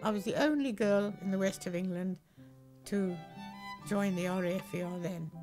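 A woman's voice: medium pitch, moderate pace, faint music behind, poor audio. An older woman, a former wartime pilot, recalling stories in a documentary interview, acting out other voices and laughing as she goes. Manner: lively storyteller, acts out voices, laughs often.

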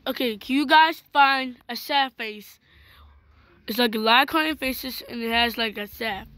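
A woman's voice: on the high side, measured pace, no room sound. A woman giving playful game commentary, talking in a dramatic, whiny way with fake crying. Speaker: gaming channel host. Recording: loud background noise.

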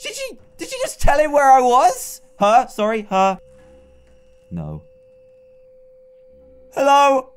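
A young British man in his twenties plays through a game and comments excitably, joking and talking straight to the characters. His voice swings widely in pitch, and faint game music runs underneath. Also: slow pace, long pauses, smooth. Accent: British English. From England. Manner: excitable, jokey, talks to the characters. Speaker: gaming YouTuber. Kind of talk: let's play commentary.

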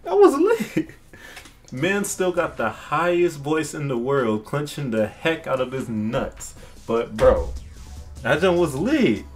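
A man giving casual, excitable, slang-filled reaction commentary to a music video, often laughing. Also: mid-range voice, slow pace. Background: music track playing.

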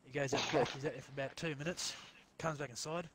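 A man's voice: mid-range voice, steady tone, quick pace, very noisy. A man telling a crude joke over voice chat while gaming, rambling and swearing freely.

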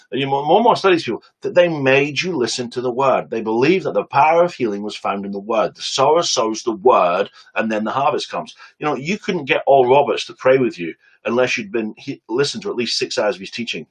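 A man preaching on a webcam stream, telling a story with lively acted-out quotes and quick asides. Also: medium pitch, husky, rough recording.

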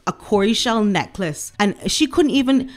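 A woman's voice: mid-range voice, lively intonation, normal speed. A woman from Barbados with a Barbadian accent, ranting in an emphatic, sarcastic, scornful way as a commentary vlogger. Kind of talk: opinion rant.

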